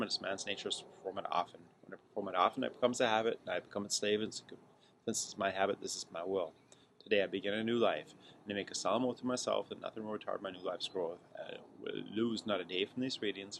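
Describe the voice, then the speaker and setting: A sleepy, yawning man reads a text aloud in a somewhat low voice, now and then tripping over words and starting a line again. The recording carries clear outdoor noise, with vehicles going past. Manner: reads the scroll, stumbles and restarts, breaks off to chat and laugh. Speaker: vlogger reading aloud. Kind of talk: casual reading aloud with chatty asides.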